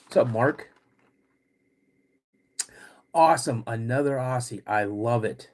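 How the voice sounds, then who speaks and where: Middle-aged male host, unhurried, rambling delivery, tail end of a cold with frequent throat clearing. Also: mid-range voice. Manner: laid-back and rambling, greets chat viewers between stories. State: getting over a cold. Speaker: podcast host. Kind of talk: casual livestream chat.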